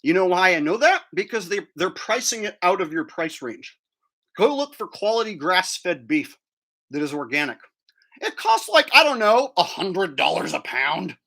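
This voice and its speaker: A man's voice: high-pitched, lively intonation, normal speed, pushed and bright. A man ranting crudely and combatively on a livestream, talking while eating. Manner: talks while chewing food. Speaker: streamer. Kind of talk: profane livestream rant.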